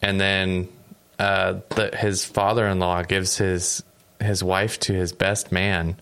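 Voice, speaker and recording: A man's voice: low-pitched, level tone, slow, fairly bright tone, clear, resonant tone. A man co-hosting a podcast, casually retelling a story in a rambling, jokey way and acting out the characters' lines. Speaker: podcast co-host.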